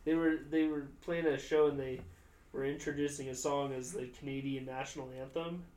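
A man's voice: medium pitch, fairly even intonation, a little fast, a little mellow, distant mic, slight background noise. Chatty man, off-mic in echoey room. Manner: chatty storyteller, swearing. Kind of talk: casual chat among bandmates.

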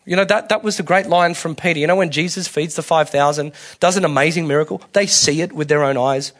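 A man preaching a conversational sermon, candid and colloquial, restarting phrases and swinging between soft and loud. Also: fairly high pitch, fast talker. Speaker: pastor.

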